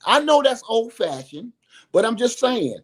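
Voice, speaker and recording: Lively high-voiced middle-aged man. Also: measured pace. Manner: rambling, emphatic, repeats his points. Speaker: video host. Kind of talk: casual opinion monologue.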